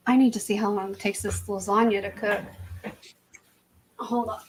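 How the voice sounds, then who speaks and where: A woman's voice: mid-range voice, flat delivery, normal speed, slight background noise, low-quality recording. A young woman with a slight Southern accent chatting casually on a live stream, rambling, laughing often and trailing off mid-sentence. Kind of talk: casual chat.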